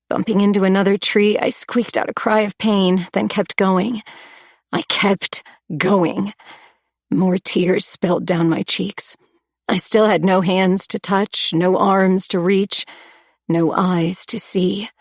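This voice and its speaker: A woman's voice: medium pitch, no room sound, studio quality. Woman narrating a tense first-person audiobook. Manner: emotional, tense dramatic reading.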